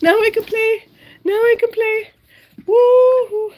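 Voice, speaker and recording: Woman puts on a very high, squealing, gleeful voice for a playful female dog. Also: steady tone, slow, a little mellow.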